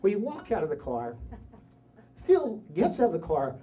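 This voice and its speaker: A middle-aged man tells a story on stage. His voice is mellow and swings widely in pitch as he mocks himself. He is picked up from a distance, with faint room noise behind him. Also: normal speed. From Delaware County, Pennsylvania. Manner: animated, self-mocking, acts out other people's lines. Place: story slam venue.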